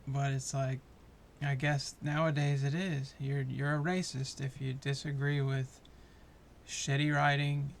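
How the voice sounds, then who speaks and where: A man's voice: medium pitch, flat delivery, a little slow, gravelly, slight background noise. A man giving a heated, profane, passionate review of a show, talking in a casual rant.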